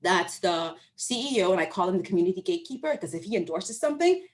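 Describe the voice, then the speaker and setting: A woman's voice: lowish voice, very animated, quick pace, a little hiss or hum. A woman researcher gives an academic presentation to an online audience. She speaks conversationally, poses questions to her listeners and often checks in with them. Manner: acts out her interviewees' voices when quoting them. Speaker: university researcher presenting findings.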